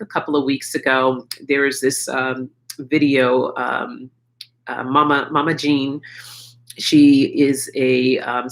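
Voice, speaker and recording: Frank middle-aged woman with a gravelly voice. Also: extremely low pitch, poor audio. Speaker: livestream host. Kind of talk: candid live chat.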